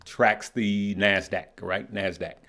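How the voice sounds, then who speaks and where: A man's voice: on the low side, flat delivery, slow, sharp tone. A middle-aged man hosting a live stock market show, talking loosely with viewers, often repeating words and checking in with "right?" and "okay?". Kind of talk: casual live-stream chat reading viewer comments.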